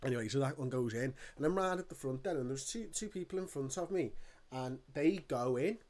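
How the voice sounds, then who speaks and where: A man telling a story in casual chat, animated and ranting, swearing often. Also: mid-range voice, fairly quick.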